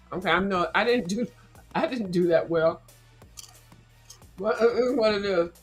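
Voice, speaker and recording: A woman's voice: mid-range voice, moderate pace, pauses often, breathy edge, soft background music, poor audio. A woman hosting a casual livestream, chatting and crunching snacks into the mic, sassy and blunt and cussing freely. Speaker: livestream host. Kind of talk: casual chat while snacking.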